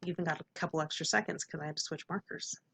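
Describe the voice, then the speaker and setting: A woman's voice: deep voice, racing, creaky, a bit bright, slight background noise. Upbeat woman teacher sounding out syllables. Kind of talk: phonics lesson to students.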